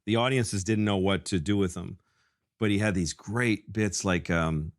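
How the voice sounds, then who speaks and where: A middle-aged man telling a comedy story in casual chat, acting out other people's lines. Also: normal speed. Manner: animated, acts out quotes in high squeaky voices.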